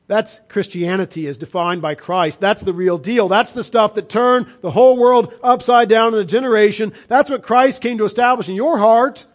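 A man preaching a sermon, swinging from fervent shouts down to low, hushed lines. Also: normal speed, few pauses. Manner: impassioned preaching, rising and dropping sharply. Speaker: pastor.

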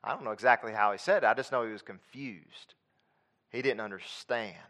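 A man preaching a sermon with emphatic, repetitive phrasing, dropping into quiet conversational asides. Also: on the low side, brisk.

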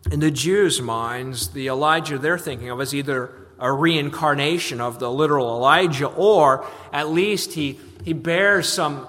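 A pastor with a bright, forceful voice pitched a little high delivers an earnest sermon. He doubles words as he restarts thoughts and lifts his voice on questions. The sound carries the long reverb of a large sanctuary. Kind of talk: expository sermon.

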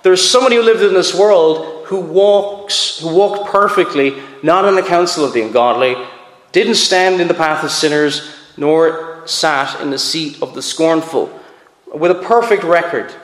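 A man with a slightly high voice preaches to his congregation, earnest and emphatic, doubling words as he presses each point. His voice rings through a roomy church with a long, lingering reverb. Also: a little slow, fairly bright tone. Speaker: pastor. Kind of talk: sermon. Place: church sanctuary. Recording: echoey hall with long reverb.

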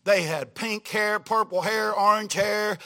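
A high-pitched man with a bright, ringing voice preaches to a church congregation. His delivery is folksy and animated, dropping low for quoted lines and rising to loud, emphatic exclamations. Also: measured pace. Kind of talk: storytelling sermon.

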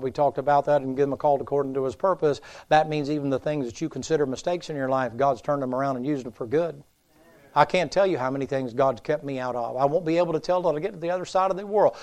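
A man preaching a folksy revival sermon, telling Bible stories and acting out the voices. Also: a little high. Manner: homespun storytelling, acts out voices in Bible stories. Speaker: guest preacher. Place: church sanctuary.

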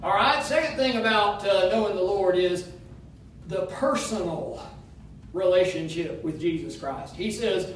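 An animated, unhurried preacher with a high-pitched voice gives an emphatic sermon, phrases rising into half-singing. He's in a church sanctuary, heard through a distant mic in an echoey space with a little hiss or hum.

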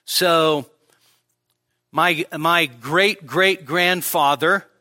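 A male pastor delivers a sermon with a bright, forceful tone set a bit high for a man. He is frank and self-mocking and drops joking asides. The sound is close and dry, with no room echo. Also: extremely slow. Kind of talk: expository sermon. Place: church service.

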